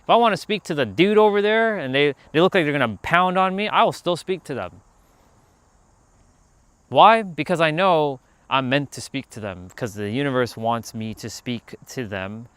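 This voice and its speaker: A man hosting a casual outdoor livestream, talking in a rambling, animated way and calling out to people passing by. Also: fairly high pitch, moderate pace, clear, resonant tone, no echo. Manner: rambling, animated, calls out to passersby. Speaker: livestream host. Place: outdoors near a park.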